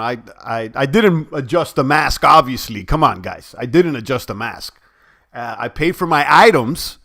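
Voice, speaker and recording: Hosting a crypto livestream, this young man addresses his viewers directly in loose, rambling chatter. His voice sits at medium pitch and carries a slightly bright tone.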